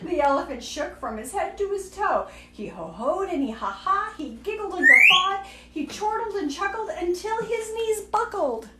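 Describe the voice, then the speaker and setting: A woman's voice: extremely high pitch, sing-song, normal speed, few pauses, echoey room, distant mic, background noise. A woman reading a rhyming picture book aloud in a lilting, rhythmic way, at home with a pet parrot. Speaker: storybook reader.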